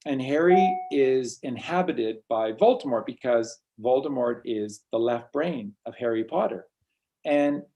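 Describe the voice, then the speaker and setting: A man's voice: medium pitch, warm tone. A man hosting a casual spiritual talk, rambling and often repeating words as he restarts sentences. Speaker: host.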